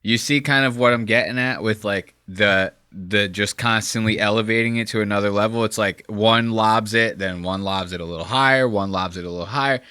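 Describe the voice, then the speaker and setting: A man hosting a reaction commentary, talking over a clip with profane, animated riffs. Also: on the low side, fairly quick, few pauses, clear, resonant tone, no room sound, studio quality. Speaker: commentary host.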